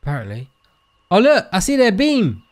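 Playful man gaming, lively voice. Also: high-pitched. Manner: playful, quick reactions, laughs and yelps. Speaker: gaming YouTuber. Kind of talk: casual game chat.

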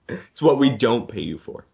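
A man cohosts a casual podcast, teasing the others and giggling. His pitch swings widely from line to line. The sound is dull and lo-fi. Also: creaky. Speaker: podcast co-host. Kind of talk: casual chat.

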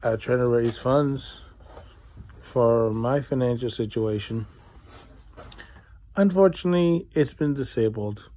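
A man's voice: mid-range voice, slow pace, pauses often, dark tone. A man vlogging an indignant, rambling, sarcastic rant straight to the viewer. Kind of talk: ranting to camera.

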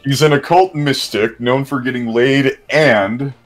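A man's voice: medium pitch, a little slow, faint music behind. A man chatting casually with friends on a stream, playfully riffing on silly bits. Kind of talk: casual chat.

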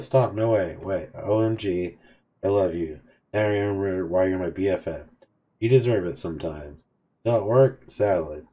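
A man's voice: low voice, mellow. A man hosting a game video, casually reading out a chat of text messages between characters. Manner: casual, offhand reading of both sides of a chat. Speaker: gaming video host.

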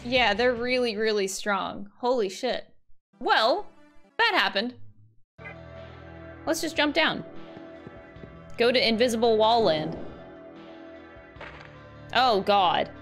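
A young adult woman giving casual, excitable, sweary gameplay commentary as a streamer. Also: fairly high pitch, takes it slowly, long pauses, faint music behind. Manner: excitable and sweary, laughing often and switching between voices. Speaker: gaming streamer.

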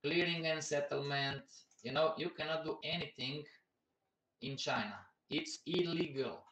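A man's voice: a little high, measured pace, sharp tone, recorded from a distance, slight background noise. Chatty man talking markets in a roomy echo. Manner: chatty, repetitive, keeps addressing the audience as everybody. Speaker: investment educator hosting a live stream. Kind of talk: casual live-stream market commentary.

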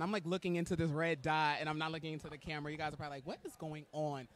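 A man hosting live red carpet commentary from an indoor event, gushing, excitable and campy as he talks to his viewers. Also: a little high, rapid-fire, hardly any pauses.

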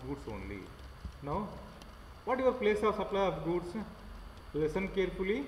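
A man with an Indian English accent teaching an online class, talking haltingly with many fillers and repeating himself. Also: high voice, sing-song, reverberant, long reverb tail, a little hiss or hum, low-quality recording. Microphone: computer mic without headphone.

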